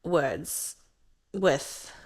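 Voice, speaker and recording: Australian woman podcast host, lowish voice, agreeable, short replies. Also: lively intonation, drawn-out words, a little mellow. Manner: brief affirming responses. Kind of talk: podcast interview.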